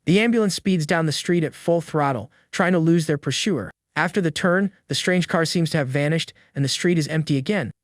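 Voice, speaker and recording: A man reading a scripted story recap in an even, steady narrating manner. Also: on the high side, a little fast, hardly any pauses, no room sound, studio quality.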